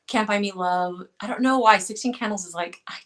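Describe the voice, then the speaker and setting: A woman co-hosting a casual live-stream chat, chatty and quick to laugh. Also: mid-range voice, fairly bright tone.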